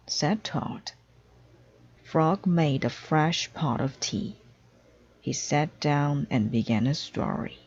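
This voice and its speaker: A woman reads a children's picture book aloud, gentle and measured. Her voice is low, breathy and unhurried, and the recording sounds dull and lo-fi. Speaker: storybook reader.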